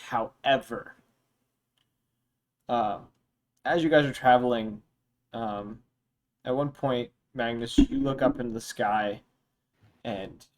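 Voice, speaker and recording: Relaxed young man narrating as game master. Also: mid-range voice. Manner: relaxed, meandering narration with fillers. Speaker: dungeon master.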